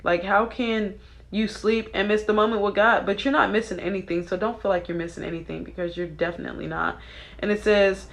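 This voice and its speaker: A woman's voice: on the low side, fairly even intonation, brisk, low-quality recording. A young adult woman talking casually and earnestly to her viewers, giving a spiritual reading with many fillers and asides. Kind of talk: casual devotional talk to viewers.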